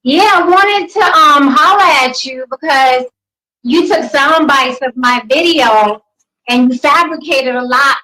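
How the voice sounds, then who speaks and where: A woman calls in to challenge the host, accusatory and insistent. Her voice is high and bright with a sharp edge. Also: measured pace, poor audio. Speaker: caller. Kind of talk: confrontational call.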